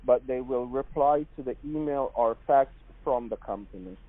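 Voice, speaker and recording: A man with a Jamaican accent making a pushy phone pitch, repeatedly calling the listener madam and sweetheart. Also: normal speed, no room sound. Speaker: phone scammer. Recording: dry tinny phone line.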